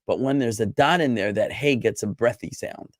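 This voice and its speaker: A man's voice: medium pitch, moderate pace, no room sound. Man teaching online, chatty, joking with students, dry close sound. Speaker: rabbi teaching Hebrew. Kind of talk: online class lecture.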